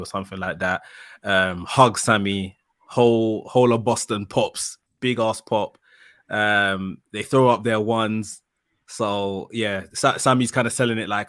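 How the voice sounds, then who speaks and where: Low, steady man recapping. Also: moderate pace, no room sound, clean studio sound. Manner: recaps events at length, steady and explanatory. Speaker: podcast co-host. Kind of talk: casual podcast analysis.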